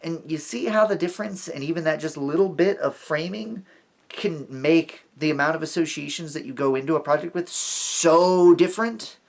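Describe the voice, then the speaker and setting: A man's voice: fairly high pitch, normal speed, gravelly. A man who teaches talks in a casual vlog monologue, rambling and reassuring, often stammering on repeated words. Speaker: vlogger and teacher.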